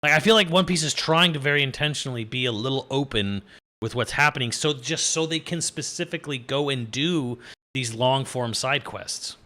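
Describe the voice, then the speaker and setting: A young adult man reviews a video in a casual, exasperated rant, swearing freely and laughing as he rambles. His voice is medium in pitch, pushed and bright, at a normal speed.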